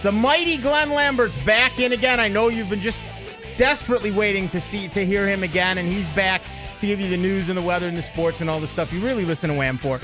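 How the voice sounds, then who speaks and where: High-voiced joking radio host, man. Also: quick pace, over music. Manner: joking, chatty. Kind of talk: casual radio banter.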